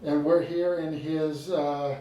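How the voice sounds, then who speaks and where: A man who is a library dean, asking casual, slightly halting questions in an oral history interview. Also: fairly high pitch, flat delivery, mellow. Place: interviewee's apartment. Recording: distant mic in a roomy room with faint noise.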